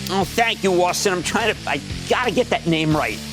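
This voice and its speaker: A man hosting a call-in stock market show, talking in a loud, excitable, rapid-fire way. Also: sits high, over music. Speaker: host. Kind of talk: animated call-in stock commentary.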